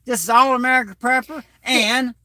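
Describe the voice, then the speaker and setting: A man's voice: very high-pitched, steady tone, moderate pace, bright, forceful tone, no echo. A middle-aged man, hosting his channel and telling rambling, slangy stories in casual talk. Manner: loose, rambling storytelling in Southern-style slang. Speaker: channel host.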